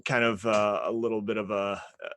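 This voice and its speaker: A man's voice: fairly low pitch, little pitch movement, brisk, fairly bright tone. A man playing a character in a tabletop game, rambling with many hesitant fillers. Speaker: player.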